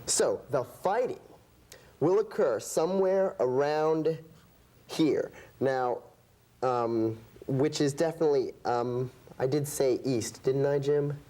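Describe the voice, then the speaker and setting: A man's voice: mid-range voice, takes it slowly, dark tone, natural voice. A man playing a bumbling male foreign terrain expert in a student comedy sketch, rambling with many ums and hesitations. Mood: flustered. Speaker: sketch actor.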